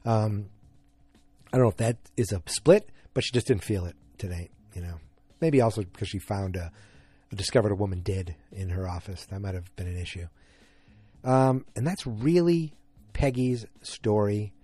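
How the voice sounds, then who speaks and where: A man casually recapping a TV episode, halting and rambling with frequent restarts. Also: lowish voice, mellow, husky, dry recording. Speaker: show recap host.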